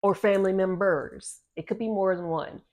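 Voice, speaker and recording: A woman's voice: mid-range voice, steady tone, normal speed, darkish tone. A woman reading oracle cards for her viewers, rambling and repeating herself in casual, slangy talk. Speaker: oracle card reader. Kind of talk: casual channeled card reading.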